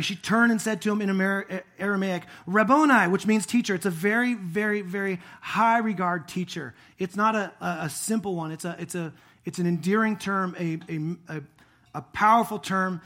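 A man in his thirties preaching a sermon, conversational and animated, building to emphatic peaks. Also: a little high. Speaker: pastor.

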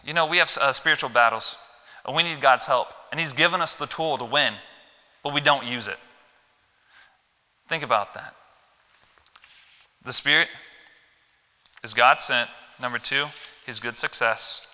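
Midwestern male preacher, folksy and animated, loud emphasis then low asides; crisp tone, reverberant sanctuary. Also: a little slow, pauses often. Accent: Midwestern American. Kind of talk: Wednesday church sermon. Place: church sanctuary. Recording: long hall reverb.

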